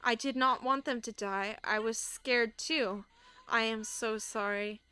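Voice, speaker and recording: A woman voicing a possessed antique doll holding a guilty man's spirit, reading its lines slowly in a flat, repetitive way. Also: fairly high pitch, clean tone, dry recording. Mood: cold remorseful. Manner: slow, flat, repetitive apologies. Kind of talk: reading game dialogue aloud.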